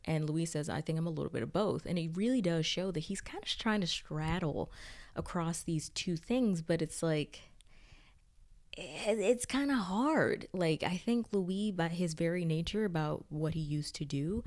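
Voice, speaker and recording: Low-voiced chatty woman recapping a show. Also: darkish tone. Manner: chatty, rambling, full of "like" fillers. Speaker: TV recap reviewer. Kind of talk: casual recap review.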